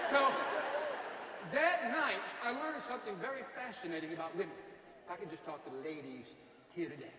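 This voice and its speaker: A man giving a comic motivational speech to a live audience, animated, shouting his punchlines and mimicking people. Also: sits high, far from the mic. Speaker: motivational speaker. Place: large hall with live audience. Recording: echoey hall, from afar, crowd.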